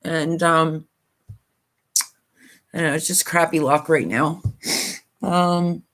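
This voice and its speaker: A woman's voice: sits low, steady tone, slow, a bit bright. A middle-aged woman from Pennsylvania talking on a live stream, choked up and close to tears, apologetic and rambling with many fillers. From Pennsylvania, USA. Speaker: YouTuber hosting a live stream. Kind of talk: emotional casual live-stream talk.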